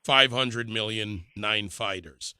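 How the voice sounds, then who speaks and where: A man's voice: fairly low pitch, slow pace, sharp tone, smooth, no room sound, studio quality. A man hosting a radio talk show, asking blunt, pressing questions. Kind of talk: radio interview.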